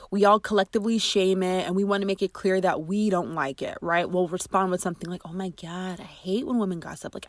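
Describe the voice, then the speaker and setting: A woman's voice: medium pitch, dry recording. Chatty woman podcast host. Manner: chatty and emphatic, with asides and laughs. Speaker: podcast host and friendship coach. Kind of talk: scripted podcast narration and advice.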